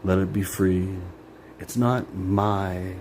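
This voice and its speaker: A man's voice: low voice, steady tone, slow, a little mellow, a little hiss or hum. A man venting in a personal monologue, rambling and bitter, swearing and filling his talk with "like". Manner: rambling, profane, many "like" fillers; emotional, bitter. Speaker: vlogger.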